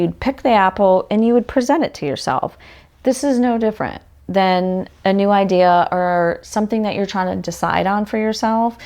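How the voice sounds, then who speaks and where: A woman's voice: mid-range voice, warm tone. A woman hosting a solo podcast in a casual, chatty way, full of "like" fillers and questions put straight to the listener. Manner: talks directly to the listener with questions. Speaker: podcast host.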